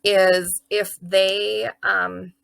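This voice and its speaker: A woman's voice: mid-range voice, flat delivery, extremely slow, vocal fry, a bit bright, clean tone, no echo. A young woman teacher explaining how to guide young children's writing in a chatty, upbeat way. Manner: chatty, upbeat, acts out child voices and praise.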